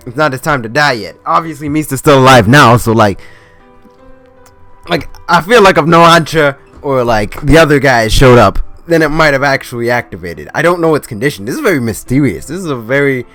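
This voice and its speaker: A man reacting to an anime episode in casual commentary, excitable and swearing, swinging between loud outbursts and low mumbling. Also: no echo.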